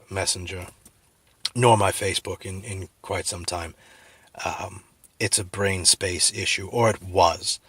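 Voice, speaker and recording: A middle-aged man telling a rambling comic story full of fillers, with a husky voice. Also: low-pitched, no room sound. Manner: rambling, filler-heavy, deadpan, then sincere. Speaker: comedic video host.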